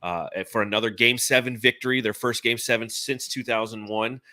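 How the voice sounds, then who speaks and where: A man in his forties hosting a casual sports podcast, talking in an animated, rambling, enthusiastic way. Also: mid-range voice, fairly quick, no echo, studio quality. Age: 40s. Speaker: podcast host.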